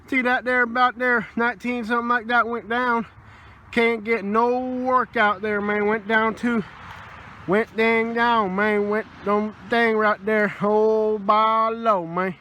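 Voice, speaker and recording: A mumbling old Southern swamp man, as a vlogger puts him on, with a thick Southern US accent. He rambles in high, half-finished sentences that keep trailing off into "man." The voice sits noticeably higher than a typical man's. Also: little pitch movement, slow, pushed and bright, full character voice. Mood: rambling.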